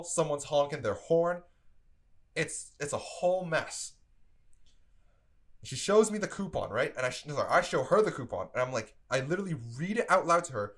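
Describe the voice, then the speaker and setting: Young guy doing a storytime vlog, bright voice, super animated and exasperated, says like a lot. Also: a little high. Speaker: streamer telling work stories. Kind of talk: casual storytime.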